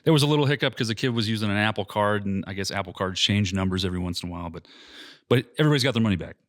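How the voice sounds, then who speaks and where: A man's voice: on the low side, very fast, dry recording, studio quality. A man who owns an airsoft park, hosting a casual podcast and telling stories with lots of swearing. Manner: animated storyteller, heavy swearing, acts out quotes.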